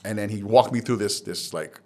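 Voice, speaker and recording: A man from Hawaii with a fairly low voice, speaking as a guest on a podcast. He tells his story in a candid, lively way. When he quotes other people, he acts out their lines. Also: brisk. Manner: animated retelling, acts out quoted dialogue.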